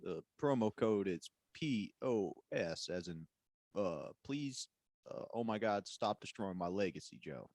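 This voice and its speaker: Dude doing a low halting politician voice, lots of uhs, dry deadpan. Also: male voice, dry recording, heavily acted. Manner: halting, filler-laden delivery. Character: halting tired male politician.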